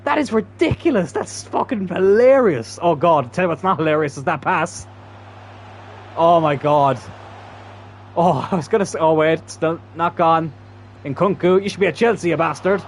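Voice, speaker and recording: With long pauses and slight background noise, a gaming YouTuber speaks at normal speed in a slightly high voice. He gives chatty, casual commentary on a football video game, swearing freely and bursting into loud laughter.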